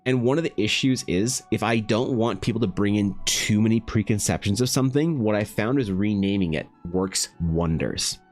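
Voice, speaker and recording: A man with a lowish voice talks loosely on a live art stream, circling back and restarting his sentences. He speaks straight to his viewers, with faint music playing behind him. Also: moderate pace, few pauses, darkish tone. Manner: rambling, loose, with many restarts and filler words; chatty, greets viewers directly. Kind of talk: casual live-stream monologue.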